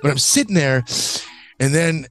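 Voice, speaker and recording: A man hosting a conversational podcast, telling stories in a rambling, animated way. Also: fairly high pitch, normal speed. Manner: rambling, animated storytelling with acted-out quotes. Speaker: podcast host. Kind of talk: casual conversation.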